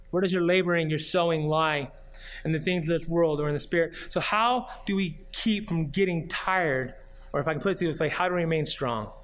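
A man's voice: high-pitched, a bit bright. A man, a pastor, preaching a sermon in an earnest way, reading scripture aloud and pressing his points with repeated questions. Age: adult, grew up and did junior high marching band.

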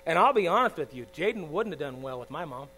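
Fortysomething pastor guy preaching, highish voice, keeps asking "all right?", faint mains hum behind. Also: big pitch swings, fast, rough recording. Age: 40s. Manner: swings from loud emphatic preaching to soft confiding asides; checks in with the congregation with frequent "all right?". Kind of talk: sermon. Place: church.

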